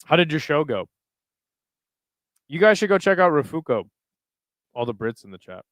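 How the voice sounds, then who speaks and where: A man's voice: fairly high pitch, big pitch swings, normal speed, a bit bright, no room sound. A young man hosting a live stream, chatting casually and reading viewer comments aloud in a loose, profane, rambling way. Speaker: livestream host reading chat.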